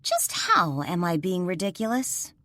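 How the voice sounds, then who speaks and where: A defiant heroine with a lifted, lively voice, insistent and clipped, as a woman narrator plays her. The recording is dry and close. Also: on the low side, a little slow, dry recording, heavily acted.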